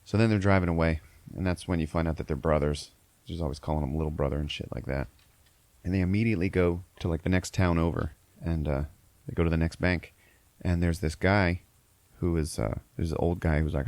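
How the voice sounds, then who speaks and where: A deep-voiced man with a gravelly, fry-heavy edge talks through a film plot on a podcast. He rambles in a loose, profane way, stacking fillers as he goes. The sound is dry and close. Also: steady tone, a little fast, a little mellow, no room sound. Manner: rambling, profane, laughing storyteller. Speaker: podcast host. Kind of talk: casual movie recap.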